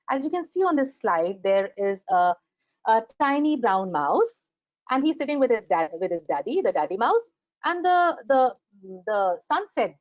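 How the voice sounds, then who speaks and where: An Indian English-accented woman with a fairly high voice delivers a grammar webinar lecture, animatedly acting out example sentences as she goes. She's recorded on a computer microphone during a video call, so the audio is muffled but free of echo.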